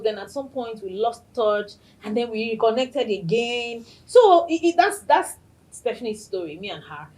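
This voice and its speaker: A woman hosting a podcast, telling a personal story in an excited way and laughing often. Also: medium pitch, poor audio. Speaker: podcast host.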